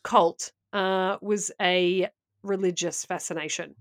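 A woman's voice: fairly low pitch, fairly even intonation, slow pace. A woman co-hosting a podcast, telling a story in a chatty, self-mocking way. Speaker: podcast co-host. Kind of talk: casual chat and storytelling.

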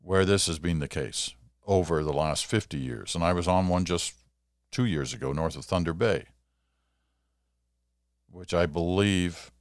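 A man's voice: low-pitched, a little mellow, dry recording, clean studio sound. An older man hosting a podcast, reading listener letters aloud and answering them in a conversational, explanatory way. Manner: conversational, explanatory, occasional chuckle.

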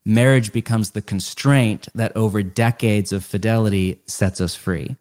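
A middle-aged man, a guest author in a podcast interview, explaining ideas earnestly and stacking them in quick lists. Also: on the low side, fairly even intonation, darkish tone.

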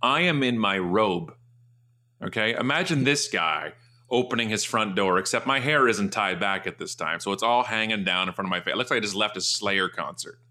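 A man guest in an interview, telling stories in an animated, emphatic way and jumping up in pitch when he acts out what others said. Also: moderate pace. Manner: energetic, emphatic, jumps up in pitch for acted quotes. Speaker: guest, marketing speaker.

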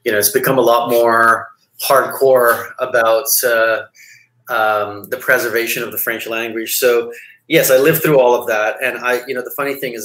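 This forties-aged label founder from Montreal, Canada, rambles casually as an interview guest, full of fillers and restarts. His medium-pitched voice has a sharp edge, and the low-quality recording sounds reverberant.

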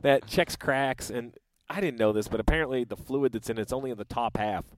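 A man's voice: mid-range voice, a little fast, no echo. A man in his forties hosting a casual interview, affirming his guest and sharing his own memories. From North Carolina. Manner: affirming, chatty, laughs along. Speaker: host.

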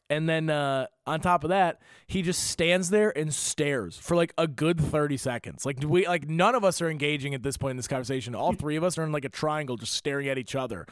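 A man's voice: a little high, fairly quick, hardly any pauses, dry recording, studio quality. A young man hosting a podcast, telling stories in a rambling, filler-heavy casual chat. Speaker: podcast host.

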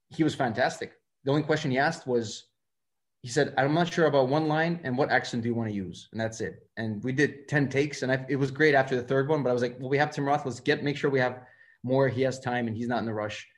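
A man in his thirties from Russia, speaking English, telling stories as a film director guest and acting out the lines of the people he quotes. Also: mid-range voice. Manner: fast, animated, acts out quoted dialogue. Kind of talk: casual interview storytelling.

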